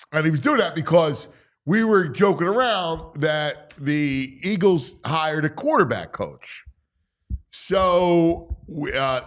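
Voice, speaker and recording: Chatty, laughing male sports talk host. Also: medium pitch. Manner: loose, chatty, laughs often. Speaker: radio show host. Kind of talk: casual sports talk show.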